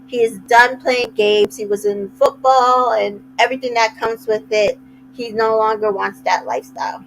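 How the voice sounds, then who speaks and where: A woman's voice: a little high, normal speed, creaky, a little hiss or hum, poor audio. A woman casually recapping a reality show, chatty and retelling scenes with little quoted asides. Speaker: recap host.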